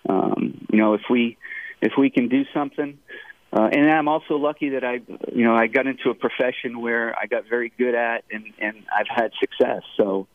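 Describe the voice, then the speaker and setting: Man, fifties, Rhode Island accent with a Southern touch, halting, rambling, tinny phone sound, dry. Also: medium pitch, steady tone, no echo. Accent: Rhode Island mixed with Southern US. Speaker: pro golfer guest. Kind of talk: casual interview on a phone line.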